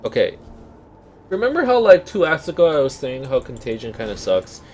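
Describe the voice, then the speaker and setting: A man's voice: medium pitch, wildly swooping pitch, moderate pace, a little mellow. A young Canadian man with a Canadian accent, chatting casually while playing a game and thinking aloud. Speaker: let's play host. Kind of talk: casual gameplay commentary.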